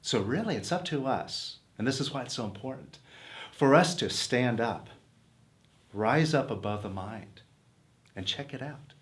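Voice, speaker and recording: Guy doing a self-help talk, earnest and coaxing, medium pitch, keeps asking what if. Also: animated, unhurried. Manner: earnest, coaxing, rhetorical questions. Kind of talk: motivational talk.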